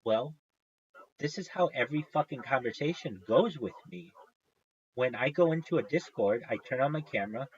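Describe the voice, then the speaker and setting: A man's voice: mid-range voice, expressive, moderate pace, dull audio. A man talking casually to his stream viewers as a live streamer, swearing often and getting worked up as he rants. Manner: profane, ranting, worked-up.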